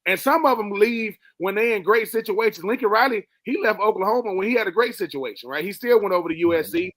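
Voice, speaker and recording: A man's voice: sits high, fast talker, a bit bright, dry recording. A man from Georgia with a Southern accent, giving plainspoken, casual opinions on football as a regular panelist. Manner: plainspoken, colloquial opinion talk. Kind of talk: casual sports talk.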